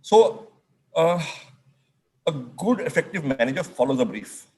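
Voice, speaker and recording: A middle-aged man with an Indian English accent, telling animated anecdotes from his student days as a speaker in an onstage conversation, slipping in Hindi phrases. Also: fairly high pitch, a little slow. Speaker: speaker at a summit.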